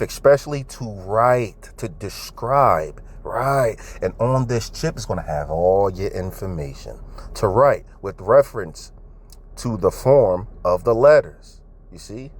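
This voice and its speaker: A man's voice: sits low, darkish tone, husky. A man giving casual religious commentary, swearing freely and asking his viewers emphatic questions, recorded indoors. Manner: profane, emphatic, talks to viewers directly. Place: indoors at home.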